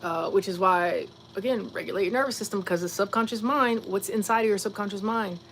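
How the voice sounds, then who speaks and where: A woman's voice: mid-range voice, a little hiss or hum. A woman from Virginia hosting a casual livestream, musing reflectively and answering viewers' comments directly. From Virginia, USA. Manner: reflective, talks straight to chat, quick asides and fillers. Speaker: livestream host.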